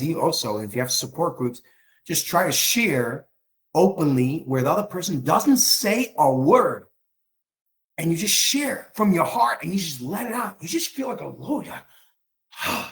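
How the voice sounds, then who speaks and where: A man's voice: a little high, a bit bright. A man coaching other men in a workshop, speaking emphatically and repetitively and acting out short dialogue scripts. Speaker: relationship coach. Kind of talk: workshop teaching.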